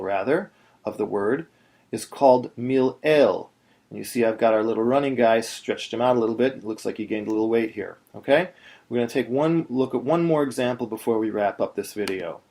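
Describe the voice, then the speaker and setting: Using a mellow, mid-range voice, a man explains Torah chanting one step at a time in a video lesson and chants slow examples to demonstrate.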